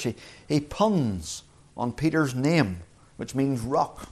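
A man's voice: medium pitch, expressive, slightly rough. Earnest male preacher giving a sermon. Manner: earnest, slows and rises on scripture quotes.

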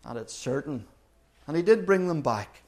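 Earnest preacher man, slightly high voice. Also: expressive, darkish tone. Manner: earnest, emphatic repetition with slow deliberate pauses. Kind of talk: sermon.

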